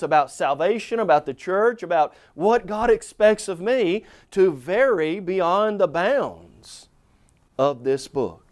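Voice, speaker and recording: Male preacher, earnest and emphatic, slightly higher voice, slows down to stress key lines. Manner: earnest, emphatic, with rhetorical questions and slow stressed phrases. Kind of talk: televised sermon.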